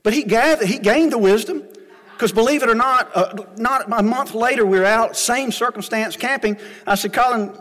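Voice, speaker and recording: A middle-aged pastor, preaching a sermon in a folksy storytelling way that swings between loud and soft. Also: male voice, very high voice, moderate pace, in a large hall. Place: church sanctuary.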